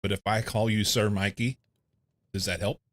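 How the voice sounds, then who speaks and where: A man's voice: fairly low pitch, little pitch movement. A man streaming a game, chatting casually with viewers and musing to himself as he plays. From England. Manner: slow, musing, talks to himself and to chat. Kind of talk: casual live-stream chat while playing.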